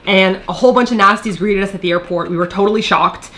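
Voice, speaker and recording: A woman's voice: medium pitch, quick pace, fairly bright tone. A woman co-hosting a casual food chat, chatty and reading out viewer comments. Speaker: co-host. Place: home studio.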